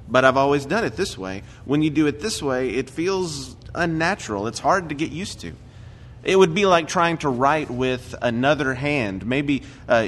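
A man's voice: medium pitch, a bit bright, a little hiss or hum. A man preaching a conversational sermon in a church, talking casually with frequent fillers. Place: church sanctuary. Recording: recorded church sermon with hall reverb.

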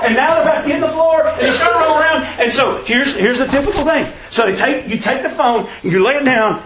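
A man's voice: very high-pitched, fairly quick, hardly any pauses, crowd noise. A man preaching a conversational sermon, earnest and given to restarting his phrases. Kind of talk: sermon on parenting. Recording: roomy, distant, dull sound.

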